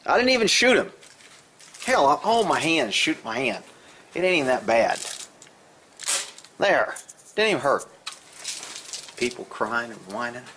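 Chatty man with a lively, swooping voice. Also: a little slow, pauses often, a little hiss or hum. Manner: chatty, laughs often, scolds pets in a high sing-song voice. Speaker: horse and pet owner vlogger. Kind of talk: casual vlog chat.

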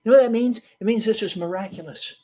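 A man preaching in a fairly high register, leaning hard on key phrases and then dropping to a near hush. He tells his stories with loose fillers and asides, keeping the sermon moving between teaching and anecdote. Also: fast talker. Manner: emphatic preaching with sudden swings between loud and hushed.

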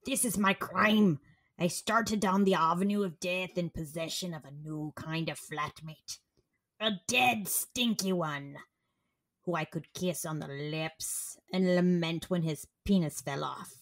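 A woman's voice: fairly low pitch, a little slow. A woman with a cold putting on a Scottish accent to voice a male killer's confession, drawn out and menacing. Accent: put-on Scottish. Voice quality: nasal, stuffy from a cold.

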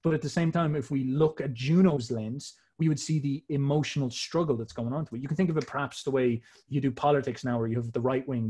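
A man's voice: medium pitch, darkish tone, husky. Rambling, swearing guy explaining ideas. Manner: rambling, swears casually, frequent restarts. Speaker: podcast host. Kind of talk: casual explainer talk.

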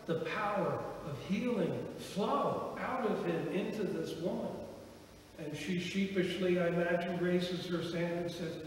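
Man, pastor, high voice, slow sermon delivery, echoey hall, distant mic. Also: slight background noise. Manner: storytelling, acts out quoted voices. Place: church sanctuary. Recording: echoey church hall from far off.

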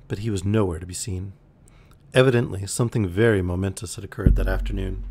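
A man reading a novel aloud on a live stream, relaxed, with the odd slip and restart. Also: fairly low pitch, gravelly, husky. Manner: relaxed, with occasional slips and restarts. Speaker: audiobook reader on a live stream. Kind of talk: reading a novel aloud, voicing characters lightly.

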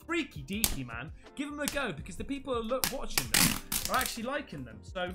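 A man opening fan mail on his channel, chatting in an excitable, exclamatory way and calling everyone mate. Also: extremely high pitch, a little fast, over loud music. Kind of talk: casual unboxing chat.

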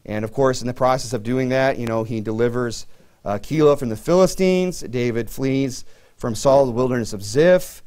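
A man's voice: medium pitch, moderate pace, darkish tone. A middle-aged man preaching a sermon to his church in a conversational way, full of "you know" fillers. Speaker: pastor.

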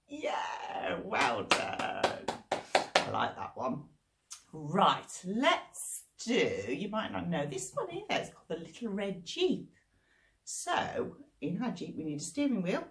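A woman librarian leading action rhymes for small children, playful and sing-song, dropping to whispers and rising to high squeals. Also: wildly swooping pitch, slow pace, roomy sound. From England.

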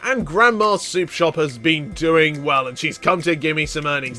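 A man commentating on a let's play in a chatty, excitable way, laughing often. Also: on the high side, measured pace, soft background music. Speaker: gaming video host.

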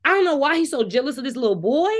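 A woman joining a casual book discussion as a guest, talking the story through expressively and weighing both sides. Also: high-pitched. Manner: expressive retelling, then measured and reflective. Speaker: guest co-reader.

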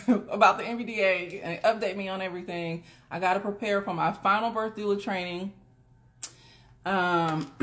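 A woman hosting a casual live stream, talking bluntly to her viewers with plenty of swearing and frequent laughter. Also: lowish voice. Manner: blunt, profane, laughs often; chatty, talks straight to viewers. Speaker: doula and live stream host.

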